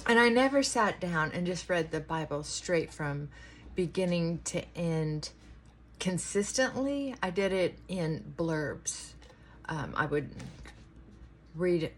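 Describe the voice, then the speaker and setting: Middle-aged woman rambling at home, slow easy talk, little bit of room hum. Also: fairly low pitch. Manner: rambling, talks to her dog, chatty asides. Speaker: vlogger. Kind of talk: casual morning chat. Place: her bedroom at home.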